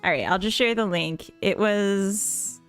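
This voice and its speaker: A woman's voice: medium pitch, unhurried, faint music behind. A Minnesotan woman chatting casually with viewers on a live stream, rambling and giggling often. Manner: giggly, rambling, full of fillers. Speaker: live-streaming game developer.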